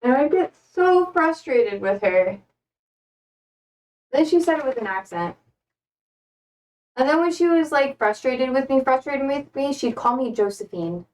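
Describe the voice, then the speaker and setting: A woman's voice: high-pitched, expressive, moderate pace, long pauses, darkish tone, recorded from a distance, rough recording. A young American woman chatting casually with her stream while repotting plants, rambling and self-deprecating. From United States.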